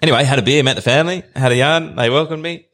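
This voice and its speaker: A man, a podcast guest telling a long travel story in a relaxed, rambling way. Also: mid-range voice, very fast.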